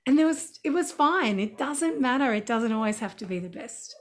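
A woman's voice: fairly high pitch, quick pace, few pauses. Chatty woman telling stories. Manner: chatty, anecdotal, animated storytelling. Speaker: songwriter and singer. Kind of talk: casual interview chat.

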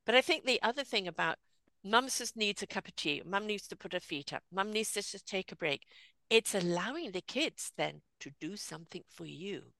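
An older woman hosting a conversational interview, talking in an animated way and acting out small quoted voices. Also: mid-range voice, moderate pace, vocal fry.

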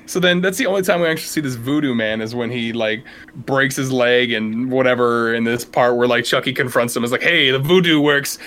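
A man's voice: mid-range voice, brisk, a bit bright. A man co-hosting a casual movie review chat, rambling loosely, laughing, and dropping into quoted voices. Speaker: podcast co-host.

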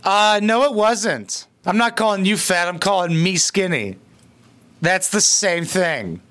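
A man's voice: high-pitched, lively intonation, measured pace, fairly bright tone. A man hosting a reaction video, mocking and sarcastic, with crude comedic commentary.

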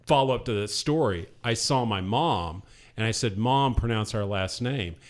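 Animated laughing male podcast storyteller. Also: on the low side, moderate pace. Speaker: podcast co-host. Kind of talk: casual podcast banter.

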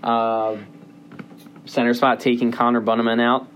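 A young man hosting a casual sports podcast, rambling with plenty of fillers. His voice is middle-pitched and he races through stretches in quick bursts. A faint hiss runs under the recording. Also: level tone, fairly bright tone. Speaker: podcast host.

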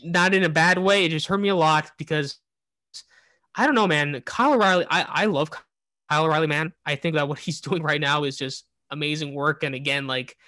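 Bright-toned man rambling through a recap. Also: a little high, steady tone, a little fast, no room sound. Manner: rambling, lots of fillers and restarts. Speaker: podcast co-host. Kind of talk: casual wrestling recap chat.

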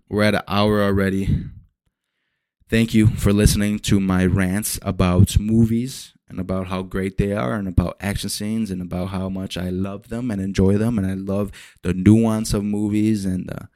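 A young man hosting a solo podcast, rambling and swearing as he retells movie scenes with lively energy. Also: on the low side, moderate pace, no room sound. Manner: rambling, profane, animated retellings. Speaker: podcast host. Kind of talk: casual solo podcast rant.

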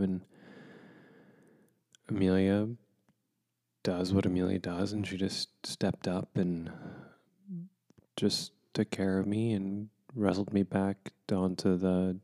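A man speaking softly and haltingly about a hard time, emotionally drained, in a candid personal conversation. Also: low voice. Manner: soft-spoken, halting, with many pauses and restarts. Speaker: co-host.

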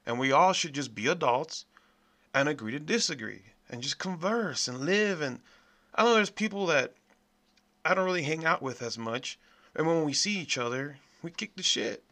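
A man hosting a podcast, delivering a profane, blunt, animated rant in a casual monologue. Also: a little high, moderate pace. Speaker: podcast host.

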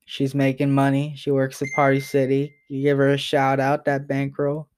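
Young man, personal vlog, emotional and halting, flat monotone, loose and rambling delivery. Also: medium pitch. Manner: rambling, halting, repeats himself and apologizes. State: emotional, near tears.

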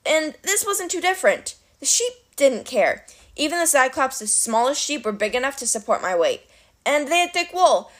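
Woman, storybook narration, animated and wry, fairly high voice. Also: moderate pace. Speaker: reader of a novel. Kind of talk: storybook narration read aloud.

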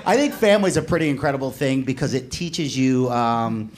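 A man in his forties doing a stand-up comedy set, telling a story in an animated way and shouting when he voices characters. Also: medium pitch, a little fast. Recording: live club with audience laughter. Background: audience laughing.

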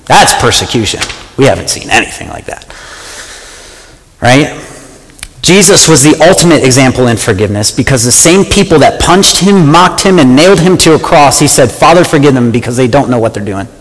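A man preaching a sermon, passionate and animated, often asking his listeners questions. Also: mid-range voice, brisk, long reverb tail, rough recording.

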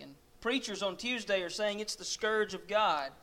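A man's voice: high voice, normal speed, a bit bright. A man preaching, telling a dramatic story in the second person to his listeners. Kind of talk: sermon storytelling.

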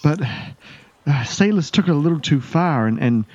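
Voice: mid-range voice, expressive, moderate pace, a little mellow, highs cut off, pitched above the performer's own voice, lightly acted. A game master voicing a nervous, stammering male elf thug who failed as an actor. He repeats words in panic.

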